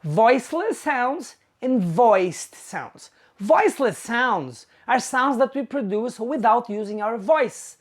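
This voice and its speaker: A woman teaching English pronunciation, saying each example sound slowly and deliberately. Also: fairly high pitch, animated. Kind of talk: slow pronunciation lesson.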